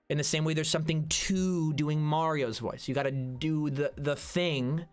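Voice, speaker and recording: A man streaming, chatting casually with his viewers and answering their comments, rambling and restarting his sentences. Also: a little high. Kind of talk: casual livestream chat.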